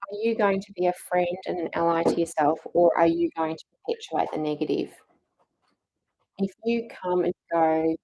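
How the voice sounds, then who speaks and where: A woman's voice: lowish voice, moderate pace, mellow, poor audio. A middle-aged woman coaching a challenge group on mindset, earnest and encouraging, acting out inner self-talk.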